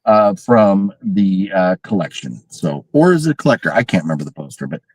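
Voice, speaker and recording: A man co-hosting a horror film livestream, talking casually and excitedly, swearing and mimicking characters. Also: sits low, moderate pace, slightly rough, no echo, poor audio. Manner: animated, swearing, mimics characters with big shrieks. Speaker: podcast co-host reviewing horror films.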